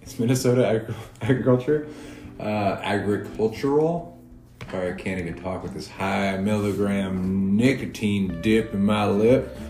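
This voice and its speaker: A young man co-hosting a casual comedy podcast, making deadpan, crude jokes. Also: on the low side, moderate pace, echoey room, faint music behind. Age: young adult. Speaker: podcast co-host.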